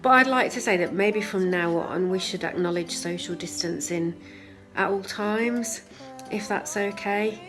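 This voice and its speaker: A woman's voice: mid-range voice, unhurried, over music. A woman recording a birthday video message in a dry, teasing way.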